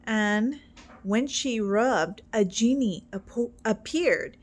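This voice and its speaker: A woman casually telling a joke she heard, halting with fillers and restarts as she goes. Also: a little high. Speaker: storyteller.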